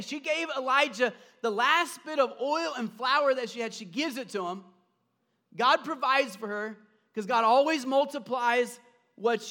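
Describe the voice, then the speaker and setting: A man preaching from the pulpit with a high, bright, ringing voice. He drops to a near hush, then climbs to loud, emphatic calls. He acts out the voices in the story as he retells it. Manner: preaching with dramatic swings from hushed to loud. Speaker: pastor. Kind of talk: sermon.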